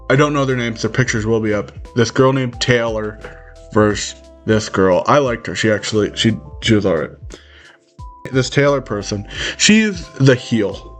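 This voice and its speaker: Animated, swearing young man telling a story. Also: moderate pace, soft background music. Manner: animated, swears freely, jumps into high-pitched quoted voices. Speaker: vlogger. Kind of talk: casual storytelling rant.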